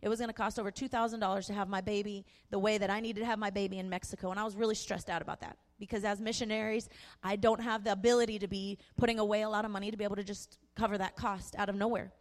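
In an echoey hall, a young female pastor gives a rapid-fire testimony from the pulpit. Her medium-pitched voice keeps a level tone while she speaks with earnest, emphatic passion and repeated phrases.

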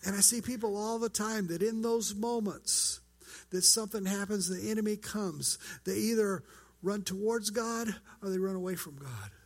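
A man's voice: high voice, normal speed. A man preaching a sermon as pastor, earnest and conversational, acting out quoted lines.

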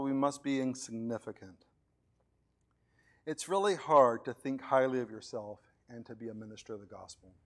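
A middle-aged pastor preaching a sermon in church, breaking into acted-out skits and often repeating words as he restarts. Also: medium pitch. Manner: plain preaching with acted-out skits and quick voice changes.

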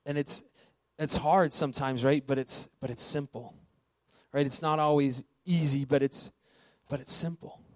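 Conversational man preaching, fairly high voice. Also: fairly even intonation, moderate pace, dry recording. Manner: conversational preaching with rhetorical questions. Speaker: pastor. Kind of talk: sermon.

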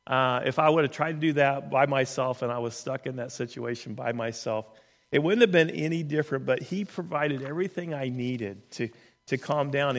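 A man's voice: mid-range voice, fairly bright tone. Earnest man telling a story in a reverberant hall. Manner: earnest, conversational, with many restarts. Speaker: speaker telling a personal story. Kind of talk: storytelling in a talk.

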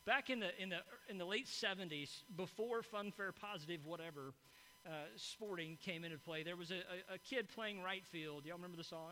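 Middle-aged male pastor, high bright voice, chatty sermon storyteller, faint hum. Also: brisk, poor audio. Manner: conversational storytelling, frequent "right?" asides. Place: church hall before a congregation.

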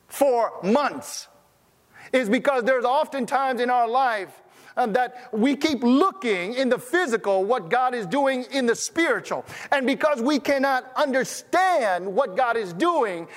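A man's voice: very high voice, in a large hall. A man preaching as a pastor, telling stories in a conversational way and often restarting his sentences. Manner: conversational, storytelling, stammering restarts. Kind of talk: sermon.

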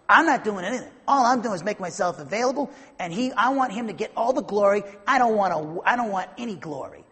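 Husky high-voiced preacher in a reverberant hall. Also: male voice, lively intonation, fast, hardly any pauses, fairly bright tone. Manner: rambling, repeats and restarts, builds to emphatic fervor. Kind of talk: conversational Bible-teaching sermon.

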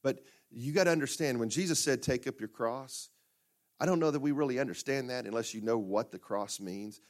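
A man preaching a sermon as pastor, talking plainly and conversationally, then breaking into sudden loud bursts. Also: medium pitch, a little fast. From United States. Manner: conversational and plainspoken, with fillers and restarts.

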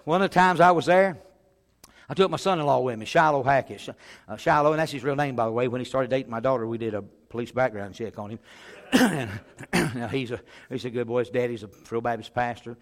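A middle-aged man preaching, telling funny stories in an animated way and often chuckling and clearing his throat. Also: medium pitch, fast talker. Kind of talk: humorous sermon storytelling.

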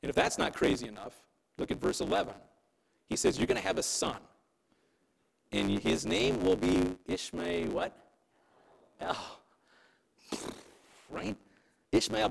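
A man preaching in a relaxed, conversational way, often turning to his listeners with a quick question. His voice sits fairly high and swings widely in pitch. A heavy gravelly rasp runs through his speech. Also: poor audio. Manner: conversational preaching, keeps asking "right?". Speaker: pastor. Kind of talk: sermon.

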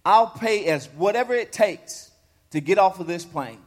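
A man's voice: sits high, animated, moderate pace. A preacher voicing a boastful, self-important rich man in a joke. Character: boastful wealthiest man in the world, male adult. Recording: long reverb of a large hall.

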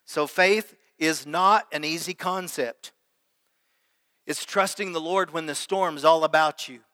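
A man's voice: a little high, measured pace, sharp tone, no room sound, in a large hall. A man preaching a sermon as pastor, reading scripture aloud and calling out questions to his congregation. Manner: preaches with prayer and call-and-response to the congregation.

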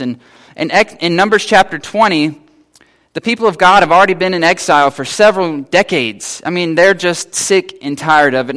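A man preaching a sermon in a church, his voice sitting a little high. He talks in a relaxed, conversational way and slips into casual voices for the people in the story. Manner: conversational, acts out biblical figures in casual voices. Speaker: pastor.

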